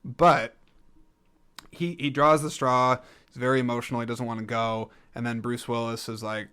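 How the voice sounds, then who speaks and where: A young man talks alone in a relaxed, rambling way, cracking jokes and backing up to fix his own words mid-sentence. His voice is smooth and clean, sitting at an ordinary middle pitch. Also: normal speed. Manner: rambling, jokey, self-correcting. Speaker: podcast host reviewing films. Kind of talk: casual solo film review podcast.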